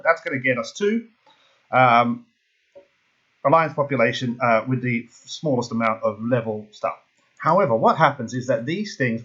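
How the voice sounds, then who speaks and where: Excitable man thinking aloud, husky. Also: medium pitch, highs cut off. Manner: excitable, jokey, thinks aloud while calculating. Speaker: gaming YouTuber. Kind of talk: casual game strategy walkthrough.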